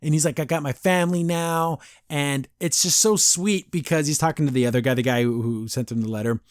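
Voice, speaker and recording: A man's voice: medium pitch, fairly even intonation, fast, dry recording, studio quality. A man hosting a podcast, recapping a cartoon episode in a rambling, casual way with many fillers and restarts. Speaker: podcast host.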